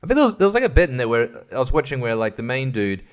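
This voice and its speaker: Tired guy rambling on his podcast, swears a lot, laughs at his own jokes, mid pitch. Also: very animated, rapid-fire, smooth. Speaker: podcast host. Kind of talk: casual solo podcast chat.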